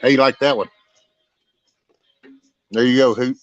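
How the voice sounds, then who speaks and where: A man's voice: mid-range voice, steady tone, unhurried, no echo. A man hosting a vlog, chatting casually and joking with plenty of swearing while he works. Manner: loose and joking, with frequent swearing. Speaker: vlog host. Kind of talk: casual chat while working outdoors. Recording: dull lo-fi sound with music.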